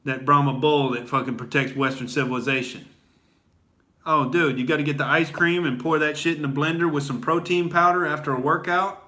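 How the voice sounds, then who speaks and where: Young guy comedian ranting like a gym bro, bright voice, keeps saying dude and all right. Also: fairly high pitch, fairly even intonation, brisk. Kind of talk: stand-up style comedy rant.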